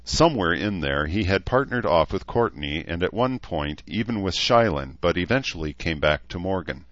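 A man narrating an audiobook in a steady, even storytelling manner. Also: low-pitched, normal speed, no echo, muffled recording. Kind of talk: scripted narration.

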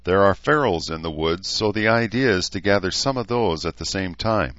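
A man voicing Rachel, a blunt, sarcastic young woman who talks in a mocking, brisk way. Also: sits low, animated, fairly bright tone, no echo, dull audio, voice pushed up. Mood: sardonic.

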